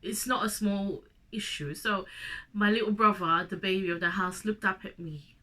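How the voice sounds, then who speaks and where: Her voice is medium-pitched, pushed and bright, with fairly even intonation at a normal speed. She's a young woman from Zimbabwe vlogging with a cold, chatting emotionally about a personal story and speaking right to the viewer.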